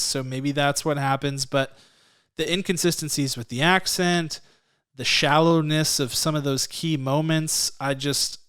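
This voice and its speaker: An easygoing man on a movie review podcast, talking in a casual, chatty way and laughing often. His voice sits a bit higher than most men's and comes through smooth and clear. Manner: laughs often, relaxed and self-deprecating. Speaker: podcast co-host.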